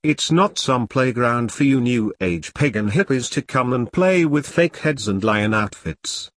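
A man's voice: mid-range voice, lively intonation, measured pace, fairly bright tone, dry recording. A man doing a stern scolding caretaker woman. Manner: scolding, snapping. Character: stern bossy middle-aged caretaker woman.

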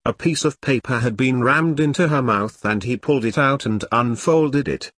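A man narrating an audiobook in a steady, dramatic storytelling manner. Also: mid-range voice, normal speed, no room sound, clean studio sound.

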